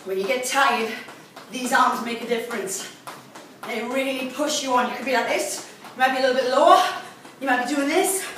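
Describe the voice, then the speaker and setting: A woman's voice: high-pitched, normal speed, a bit bright. A woman coaching a workout video, cueing encouragement while exercising and getting out of breath. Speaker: fitness instructor. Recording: very echoey room, distant mic, faint noise.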